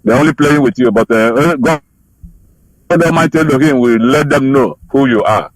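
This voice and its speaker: A man's voice: medium pitch, moderate pace, dry recording, rough recording. A man calling in to a radio show, speaking with urgent, fervent repetition. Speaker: caller. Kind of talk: phoned-in radio appeal.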